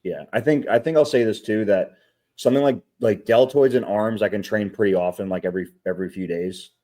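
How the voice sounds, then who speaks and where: In a casual podcast chat, a bodybuilder co-host swears easily and piles on fillers as he rambles through gym stories. He talks briskly in a low, dark-toned voice.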